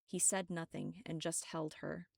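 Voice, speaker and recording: A woman reading her own story aloud as audiobook narration, steady and dramatic. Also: low voice, a little slow, vocal fry, no room sound, clean studio sound.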